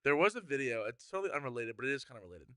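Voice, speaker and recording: A man's voice: mid-range voice, big pitch swings, racing, sharp tone, no room sound, clean studio sound. A man hosting his own podcast, talking in a laid-back, joking way with lots of "dude" and "like". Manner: laid-back bro talk, says "dude" and "like". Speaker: podcast host. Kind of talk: casual podcast interview.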